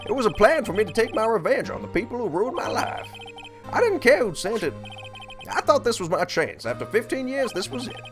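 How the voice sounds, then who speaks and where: A man's voice: high-pitched, big pitch swings, fairly quick, voice pushed up. A man voicing a bitter middle-aged ex-bailiff confessing a revenge killing, reading game dialogue aloud in a strained, quavering tone. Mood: bitter, vengeful. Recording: faint game music behind.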